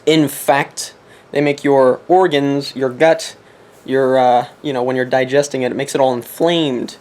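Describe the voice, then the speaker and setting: A young man vlogging from his apartment, joking in a deliberately ridiculous put-on accent and sermonizing in mock-serious fashion. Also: mid-range voice, steady tone, darkish tone. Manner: jokey, mock-preachy, laughs at himself. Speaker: competitive game player vlogging. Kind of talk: casual comedic monologue.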